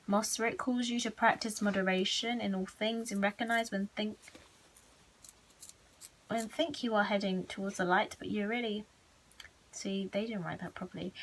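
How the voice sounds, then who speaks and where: A woman's voice: mid-range voice, rough recording. A woman giving a casual pick-a-card tarot reading at home, chatty, candid and self-mocking.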